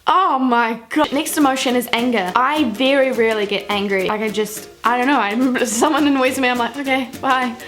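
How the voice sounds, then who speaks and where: A woman's voice: fairly high pitch, brisk, few pauses, a bit bright, faint music behind. A young woman from New Zealand telling personal stories to camera in a chatty, self-mocking way. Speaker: vlogger. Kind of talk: casual storytelling to camera.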